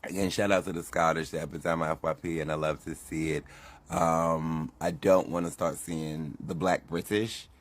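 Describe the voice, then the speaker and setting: A man's voice: very deep voice, steady tone, normal speed. A man delivering a heated, indignant rant to the camera, scolding and swearing. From United States. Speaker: social media commentator.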